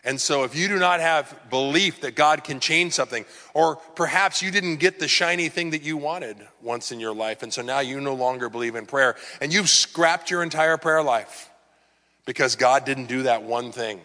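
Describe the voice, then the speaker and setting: A man's voice: medium pitch, moderate pace, bright, forceful tone, long reverb tail. A man preaching a sermon in a conversational, earnest way, often acting out the words of the people he talks about. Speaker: pastor.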